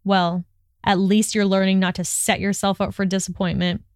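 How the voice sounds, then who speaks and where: A woman voicing an arrogant, sneering young wizard with a quick, mocking drawl. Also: medium pitch, little pitch movement, no room sound, studio quality, lightly acted.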